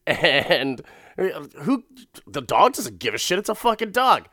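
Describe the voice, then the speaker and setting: A man's voice: fairly high pitch, big pitch swings, slow, bright, forceful tone, dry recording, studio quality. A man casually recapping a TV episode, swearing freely and laughing often. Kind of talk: casual profane commentary.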